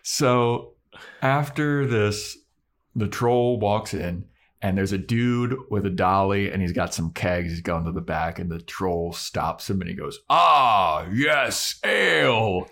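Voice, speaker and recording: A young man on a casual podcast, retelling a story with animated energy and frequent laughter, jumping into voices as he goes. His voice sits fairly low. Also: measured pace. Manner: animated storytelling, laughs often, acts out scenes. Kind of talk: casual recap chat.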